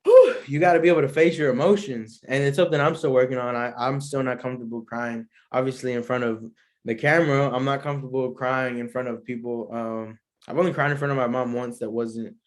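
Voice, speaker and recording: A man's voice: mid-range voice, steady tone, fairly quick. A young man, hosting a solo podcast in a laid-back, rambling way and laughing often. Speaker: podcast host. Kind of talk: casual solo podcast chat.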